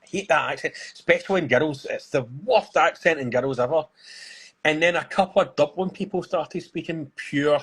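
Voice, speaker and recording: Husky dude ranting about stuff, blunt, lots of swearing, chatty podcast vibe. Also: male voice, medium pitch. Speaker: podcast co-host. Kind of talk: casual chat.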